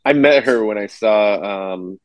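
A man comedian on a video call, telling a story in halting bits. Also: fairly low pitch, no room sound, poor audio. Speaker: comedian guest. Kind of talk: anecdote telling.

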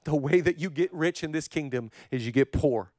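High-voiced passionate male preacher. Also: moderate pace, no room sound, studio quality. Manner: passionate preaching with rhythmic repetition, swinging from loud to hushed. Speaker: pastor. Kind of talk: sermon.

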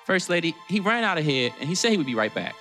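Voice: medium pitch, very animated, quick pace, a bit bright. A hesitant male pastor in an audio drama, as a performer puts him on. He stammers and stalls with fillers in a mid-range voice while faint music plays underneath. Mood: nervous.

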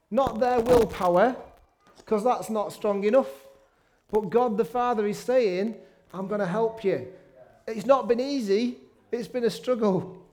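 Male preacher, middle-aged, high-pitched, chatty sermon style with self-mocking humour. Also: a little mellow. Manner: conversational, with self-deprecating asides. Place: church meeting room.

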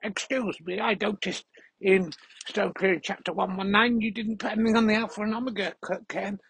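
A man's voice: high voice, steady tone, brisk, vocal fry, fairly bright tone, breathy edge, no echo, voice pushed up, heavily acted. A man putting on the voice of a fussy, pedantic listener who nitpicks his mistakes, speaking in a prim, correcting way. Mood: prissy.

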